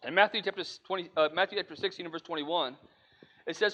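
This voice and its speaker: A man's voice: high voice, fast talker, sharp tone, lo-fi sound. A man giving an earnest, conversational sermon lesson to a church congregation. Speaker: preacher. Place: church auditorium.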